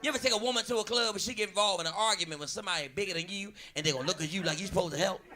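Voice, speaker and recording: A man's voice: high-pitched, rapid-fire. A man doing a stand-up comedy set and hosting the show, swearing freely and acting out every quote. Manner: loud, animated, swearing, acts out quotes. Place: comedy club stage. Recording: comedy club with audience noise.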